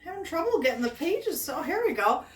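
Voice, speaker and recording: A woman's voice: sits high, sing-song, fairly quick, a little hiss or hum. Sing-song woman reading to children. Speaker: guest storybook reader. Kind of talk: reading a children's book aloud. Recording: roomy, distant mic.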